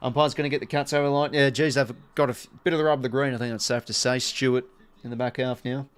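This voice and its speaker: An Australian man calls a footy match live on his stream in a mid-pitched, chatty voice that stays level and smooth. He narrates the play in quick bursts, then chats with viewers between the action in a casual watch-along.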